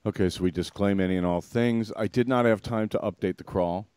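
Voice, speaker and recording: Deep-voiced man, slightly hoarse. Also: darkish tone, no echo, studio quality. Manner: trailing off, halting, self-interrupting. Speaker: host. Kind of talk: casual chat.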